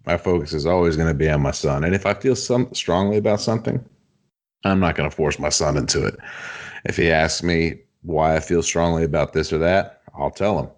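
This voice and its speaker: Man, young father, podcast co-host, very deep voice, earnest, casual chat. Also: a little fast.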